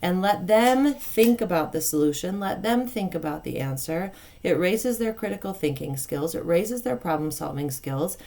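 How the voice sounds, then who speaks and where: A woman coaching parents, speaking calmly and kindly and acting out what a parent and a child might say. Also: fairly low pitch, moderate pace. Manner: calm, kind, plain-spoken, acts out parent and child phrases. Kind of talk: advice talk to camera.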